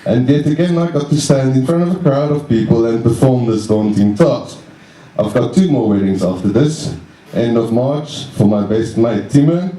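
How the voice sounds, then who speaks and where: A young man giving a best man's wedding speech, halting and self-deprecating, chuckling along with his own jokes. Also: medium pitch, mellow. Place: wedding reception room. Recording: roomy echo, mic at a distance.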